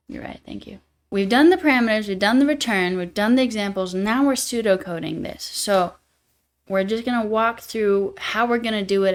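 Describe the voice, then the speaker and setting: A young woman live-streaming as she codes, thinking aloud, joking at her own expense and answering chat as she goes. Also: mid-range voice. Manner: thinks aloud while coding, jokey and self-deprecating; answers viewer chat in passing. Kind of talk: casual live coding stream.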